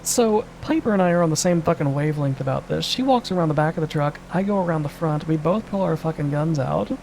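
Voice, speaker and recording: Woman streamer, gravelly, darker tone, animated swearing storyteller. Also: low-pitched, quick pace, a little hiss or hum, poor audio. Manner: animated, laughing, quotes others. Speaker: streamer playing a police role-play character.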